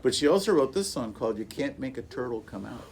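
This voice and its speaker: A man's voice: mid-range voice, lively intonation, fast talker, background noise. Playful man leading a singing workshop. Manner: chatty, breaks into playful sung rhymes. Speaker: music workshop leader. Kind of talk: teaching workshop with sung demonstrations. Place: classroom with a group of teachers.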